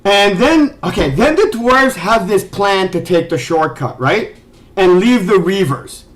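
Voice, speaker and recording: A man's voice: sits high, expressive, unhurried, low-quality recording. A man ranting as a video reviewer, exasperated and sarcastic, swearing and stumbling over restarts as he talks. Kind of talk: ranting commentary.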